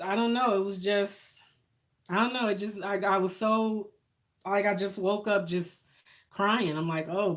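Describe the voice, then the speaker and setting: A woman, chatting on a live stream, emotional and thankful, laughing often. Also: mid-range voice. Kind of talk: casual live-stream chat with viewers.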